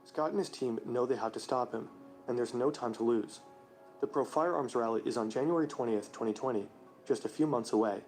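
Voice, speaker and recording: A male narrator reading a scripted documentary narration in a measured, even delivery. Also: medium pitch, faint music behind, rough recording.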